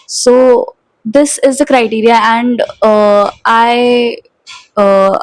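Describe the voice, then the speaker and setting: A woman's voice: on the high side, fairly even intonation, drawn-out words, no room sound, low-quality recording. Chatty young Indian woman, dry close sound. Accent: Indian English. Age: 20s. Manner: chatty, mixes Hindi into English. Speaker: vlogger. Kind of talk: casual chat.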